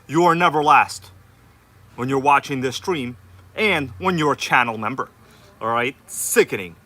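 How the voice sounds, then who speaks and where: Hyped New York guy, bright voice. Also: medium pitch, normal speed. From Queens, New York. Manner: hyped, exaggerated announcer delivery, shouts out viewers. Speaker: RC livestream host. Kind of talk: casual livestream chat. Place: indoor room with air conditioner running.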